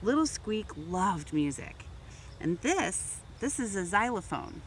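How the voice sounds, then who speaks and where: A woman reads a picture book aloud for children with a gentle storytelling manner. Her pitch swings widely as she narrates, and faint background hiss sits under her voice. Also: big pitch swings, slow pace. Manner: gentle storytelling, raising voice for toy characters. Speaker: volunteer reader.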